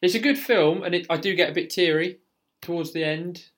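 A man's voice: high voice, a little fast, fairly bright tone. A man co-hosting a casual film podcast, chatty and casually swearing. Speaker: podcast co-host.

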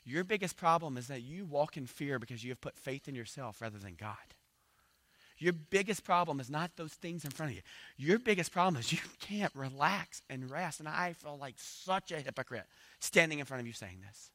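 A man from South Georgia, preaching a lively sermon full of playful asides and acted-out voices. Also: fairly high pitch, normal speed, dry recording. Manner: animated, playful asides, acts out little voices. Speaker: pastor.

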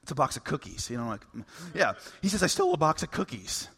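Animated high-voiced male preacher. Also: fast, breathy edge. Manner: animated, conversational preaching with humor. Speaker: pastor. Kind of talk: sermon.

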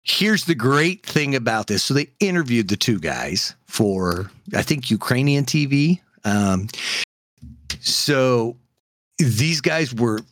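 A man co-hosting a casual podcast chat, animated and laughing often between jokes. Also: medium pitch, slow pace, no echo, studio quality. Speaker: podcast co-host.

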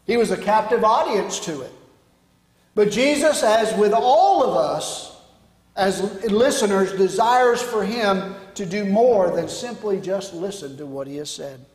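A man preaching a sermon as pastor, swinging from loud declarations to hushed line endings. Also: high-pitched, expressive, unhurried. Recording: echoey hall.

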